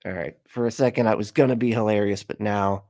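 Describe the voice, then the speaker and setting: A man's voice: on the low side, steady tone, quick pace, a little mellow, no room sound, studio quality. A man hosting a livestream, reacting to video clips in casual, sarcastic commentary with frequent laughs. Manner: sarcastic, laughing, swearing, talks over clips.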